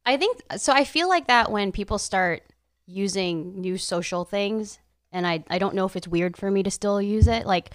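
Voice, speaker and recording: A woman's voice: mid-range voice, lively intonation, normal speed, no room sound, clean studio sound. A woman co-hosting a casual podcast chat. She teases the others in a playful way and laughs often. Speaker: podcast co-host.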